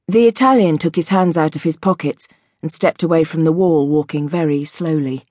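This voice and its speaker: A woman reading an audiobook in a measured, vivid storytelling voice. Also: low-pitched, mellow, no room sound, studio quality. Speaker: audiobook narrator. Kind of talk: scripted audiobook narration.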